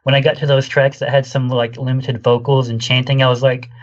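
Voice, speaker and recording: A man's voice: medium pitch, little pitch movement, brisk, lo-fi sound. Easygoing man chatting about a film. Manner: easygoing, laughs often. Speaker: podcast co-host. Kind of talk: casual film discussion.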